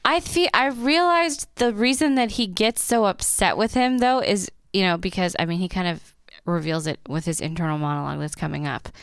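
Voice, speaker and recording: A woman's voice: medium pitch, fairly quick, clean tone, no room sound, clean studio sound. A woman co-hosting a podcast in casual chat, earnest and thoughtful. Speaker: podcast co-host.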